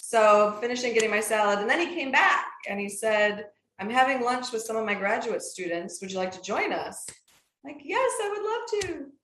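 Lively Minnesotan woman telling a story. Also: medium pitch, brisk, hardly any pauses, a little hiss or hum. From Minnesota, United States. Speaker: guest, professor. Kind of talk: storytelling in a casual interview. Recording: roomy echo.

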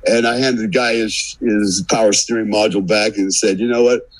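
A man's voice: fairly low pitch, normal speed, no echo, poor audio. An American man telling a long, profane story in a casual podcast chat, acting out the quotes. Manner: profane, animated anecdote teller acting out quotes. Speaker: guest.

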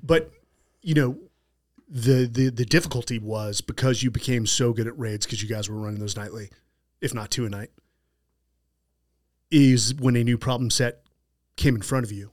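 Pausing often at a moderate pace, a middle-aged man hosts a podcast interview in a medium-pitched voice. The chat is casual: he shares stories, acts out quotes, and lets the occasional swear word slip in his relaxed way.

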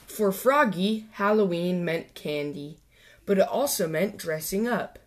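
Slow, expressive woman reading to kids. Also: lowish voice. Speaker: children's story reader. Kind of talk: reading a picture book aloud.

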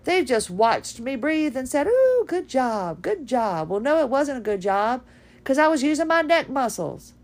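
A woman hosting a podcast in a fast-talking, folksy, animated monologue. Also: high-pitched. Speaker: podcast host. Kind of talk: casual monologue.

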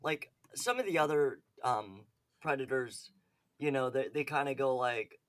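A man's voice: mid-range voice, animated, measured pace, no echo. A man co-hosting a podcast in casual chat, rambling with lots of "like" and "um". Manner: rambling, filler-heavy with many "like"s. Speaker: podcast co-host.

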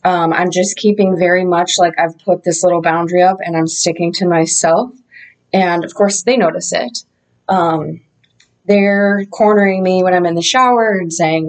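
A woman vlogger from Indiana, with a lowish voice and fairly even intonation, speaks at normal speed. She tells her own story in a candid, reflective way, using loose, casual first-person phrasing.

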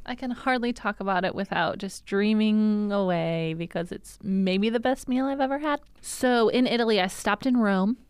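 A woman's voice: mid-range voice, normal speed, hardly any pauses, clear, resonant tone, no echo. Bubbly, playful woman. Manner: bubbly, playful, laughs often. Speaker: podcast co-host. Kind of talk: casual chat.

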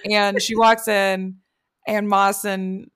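A woman's voice: mid-range voice, level tone, slow pace, a bit bright, smooth. A woman co-hosting a podcast, chattily recapping episodes in casual conversation with laughter. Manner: chatty plot recap, drifting into quoted voices and laughter. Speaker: podcast co-host. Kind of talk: casual chat.

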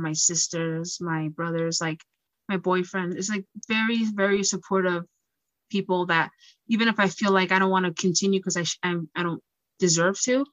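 A young woman from Equatorial Guinea, a pageant titleholder and singer, chatting in an interview with frequent laughter and animated storytelling. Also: lowish voice, dry recording. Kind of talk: casual interview chat.

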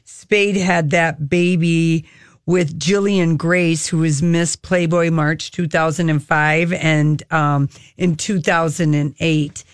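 A woman's voice: low-pitched, fairly even intonation, takes it slowly, clean tone, no echo, studio quality. A woman co-hosting a radio show, chatting casually and gushing about celebrity gossip. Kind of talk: casual entertainment chat.

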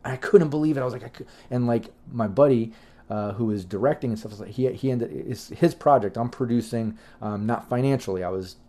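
A man's voice: medium pitch, a little fast, mellow. A middle-aged man hosting a livestream, telling loose, profane stories in a chatty, rambling way with lots of fillers. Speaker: livestream host answering chat questions. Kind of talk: casual rambling storytelling.

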